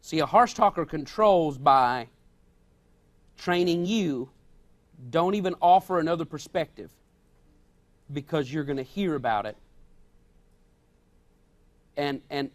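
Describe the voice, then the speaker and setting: A man's voice: a little high, lively intonation, slow pace, long pauses. A male pastor preaching a sermon in an emphatic way, repeating his key points.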